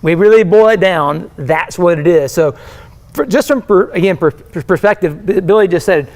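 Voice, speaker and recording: A man's voice: high-pitched, lively intonation, a little mellow. A man hosting a casual technical panel, eager and agreeable, often chiming in. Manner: eager, agreeable, quick to chime in.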